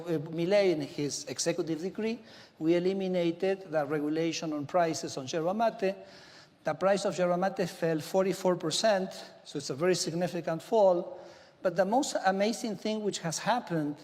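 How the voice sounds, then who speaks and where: A man with an Argentine Spanish accent giving a speech to a business audience, storytelling in an animated way with frequent "okay?" asides. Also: sits high, in a large hall. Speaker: government minister giving a speech. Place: large conference hall.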